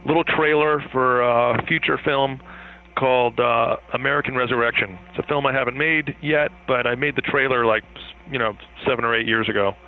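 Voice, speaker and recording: A man calls in as a guest and talks in long, rambling, animated stretches. His voice sits at an ordinary middle pitch and comes through a thin, phone-like line with no low end. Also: brisk. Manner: animated, rambling, laughs easily. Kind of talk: interview over the phone.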